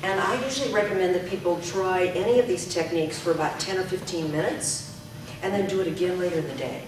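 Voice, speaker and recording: Woman, speaking coach, energetic, emphatic, projecting, distant mic, very echoey room. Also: fairly low pitch, quick pace, background noise. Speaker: speaking coach presenting to a club. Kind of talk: presentation with call-and-repeat drills. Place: meeting room.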